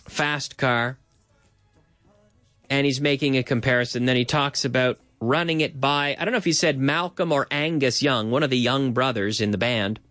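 Lively radio host explaining phrases. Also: male voice, medium pitch, no room sound.

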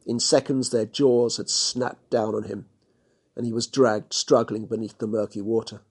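A man narrating a storybook chapter in a steady, measured reading. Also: fairly low pitch, slightly rough.

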